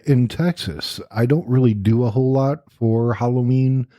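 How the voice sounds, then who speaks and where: A man's voice: medium pitch, moderate pace, dark tone, no echo. A man co-hosting a casual podcast in a studio, joking around and reading out trivia with playful voices. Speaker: podcast co-host. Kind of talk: casual banter. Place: recording studio.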